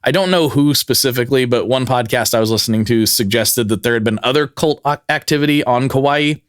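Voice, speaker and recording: A man's voice: medium pitch, fairly quick, clean tone, no echo, clean studio sound. A man co-hosting a podcast, telling a story in casual chat and acting out quotes in jokey voices. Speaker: podcast co-host.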